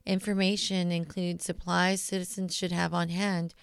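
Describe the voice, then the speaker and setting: A woman's voice: fairly low pitch, flat delivery, moderate pace, vocal fry, smooth, no echo. A woman radio DJ, chatting loosely and reading station announcements in a studio. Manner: loose and chatty, laughing, with Southern y'all. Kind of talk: casual college radio DJ talk with read announcements. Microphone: studio mic. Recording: dry close studio sound.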